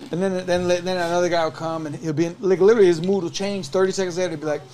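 A man's voice: fairly high pitch, quick pace, a little hiss or hum. A man casually telling a long story, rambling and acting out what people said. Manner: rambling, animated, acts out quotes. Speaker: podcast guest telling stories.

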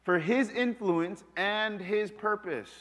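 A man preaching a sermon, animated, moving between loud calls and hushed asides. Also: sits high, takes it slowly. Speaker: pastor. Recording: long reverb of a hall.

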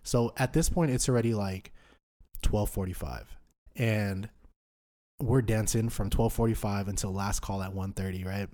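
Young dude w a lowish voice, slangy and sweary, telling a wild story on a podcast. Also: male voice, normal speed, mellow. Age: 20s. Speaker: podcast host. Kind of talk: storytelling in casual chat.

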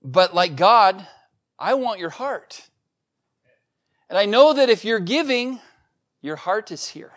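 This pastor has a high, fairly bright voice with big pitch swings, speaking slowly and pausing often. His sermon is casual and conversational toward the congregation, but he grows emphatic while reading scripture.

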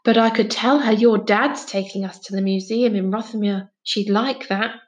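A woman reading aloud, voicing a cheerful, scheming schoolboy with slow emphasis. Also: medium pitch, steady tone, natural voice.

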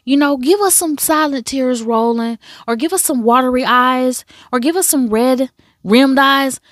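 A woman in a casual, animated chat reviewing a drama series, telling the story with slang and asides. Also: sits high, unhurried, no echo, clean studio sound.

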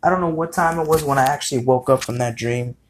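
A young man spins a casual storytime for his viewers in an everyday middle-pitched voice. He rambles, swears freely and leans on fillers and restarts as he goes. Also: fast talker, a little hiss or hum. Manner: rambling, profane, many fillers. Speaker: vlogger.

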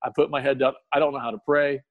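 A man giving an emotional personal testimony in a podcast interview, tearful, earnest and halting, with many restarts. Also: medium pitch, level tone, no room sound, narrow, tinny audio. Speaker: guest sharing testimony.

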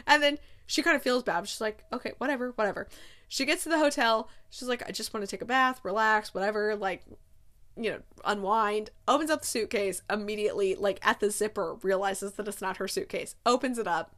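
A woman in her thirties recapping a movie in a chatty, casual way. She fills her speech with filler words and slips into quick quoted lines. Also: mid-range voice, a bit bright. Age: 30s. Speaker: movie reviewer.

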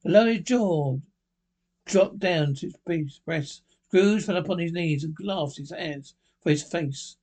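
A man reading a classic story aloud, with halting slips and restarts. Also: a little high, a little mellow. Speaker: narrator.

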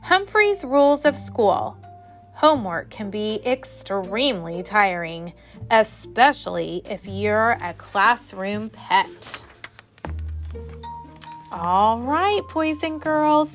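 Animated woman reading a children's story. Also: medium pitch, slow, soft background music. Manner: expressive, animated. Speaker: teacher reading to a class. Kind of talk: children's story read-aloud.

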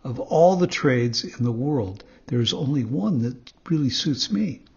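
A man voicing a rude, impatient wooden puppet boy in a husky voice, on a dull recording. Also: mid-range voice, lively intonation, a little mellow, full character voice. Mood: defiant. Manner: rude, hot-tempered, quick.

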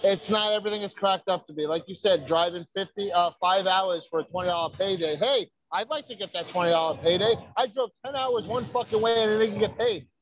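Brash profane high-voiced wrestler. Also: male voice, fairly quick, few pauses, muffled recording, slight background noise. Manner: brash, profane, boastful storytelling. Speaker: wrestler guest. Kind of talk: casual podcast interview.

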